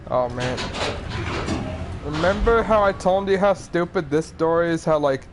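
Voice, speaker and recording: Higher-voiced rambling young man gamer. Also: lively intonation, a little slow, a little hiss or hum. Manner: rambling, filler-heavy explaining. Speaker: game player. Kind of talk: casual let's-play commentary.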